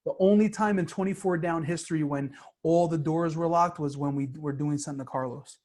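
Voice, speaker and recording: Young man, podcast co-host, casual chat, slangy, excitable storyteller, slightly high voice. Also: fairly quick.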